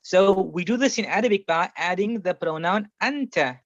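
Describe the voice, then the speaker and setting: A man's voice: sits high, animated, brisk, a bit bright, dry recording. A man teaching a classroom Arabic grammar lesson, patiently explaining and repeating each example several times. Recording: muffled, slightly lo-fi sound.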